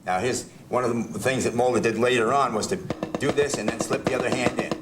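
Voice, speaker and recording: An older man teaching drum technique, talking in a chatty, halting way with restarts as he demonstrates. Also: medium pitch, steady tone, over loud music. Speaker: drum instructor. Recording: drums heard in the room. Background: drum strokes between phrases.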